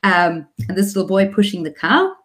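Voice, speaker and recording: A middle-aged Australian woman, a speech therapist, giving parents a clear, practical talk with the odd demonstration voice. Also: medium pitch, expressive, moderate pace, fairly bright tone.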